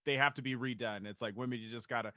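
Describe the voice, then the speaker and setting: A man's voice: mid-range voice, steady tone, quick pace, pushed and bright, no room sound. A man co-hosting a podcast in casual chat, earnest and full of fillers. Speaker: podcast co-host.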